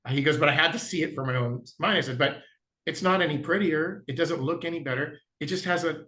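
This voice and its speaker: A man, a guest diamond dealer in a casual interview, telling anecdotes and acting out both sides of the dialogue, clearing his throat now and then. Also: fairly high pitch, fast, pushed and bright.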